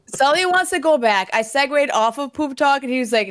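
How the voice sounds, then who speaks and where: A woman's voice: high voice, animated, a little fast, a bit bright. A woman co-hosting a live podcast who talks in a casual, outspoken way. She rants bluntly and jokes around. She fills her sentences with "like". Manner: blunt, joking, says "like" a lot. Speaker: podcast co-host.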